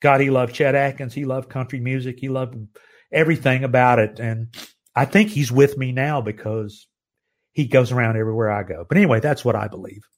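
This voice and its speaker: A middle-aged man from the United States hosting a live stream, talking earnestly with halting restarts and growing emotional. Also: mid-range voice. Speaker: live show host. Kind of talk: heartfelt live-stream talk.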